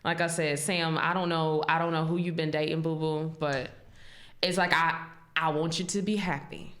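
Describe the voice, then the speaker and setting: Lively woman podcast host in an echoey room. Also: deep voice, normal speed. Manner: animated, laughs often, swears casually. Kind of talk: casual chat.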